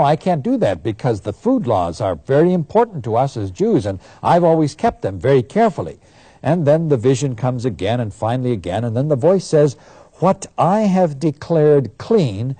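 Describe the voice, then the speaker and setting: Man, bible lecture, lively rising and falling pitch, mellow tone, dry close sound. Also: no echo. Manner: animated, acts out quoted people with sudden emphasis. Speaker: Bible teacher. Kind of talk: lecture on scripture.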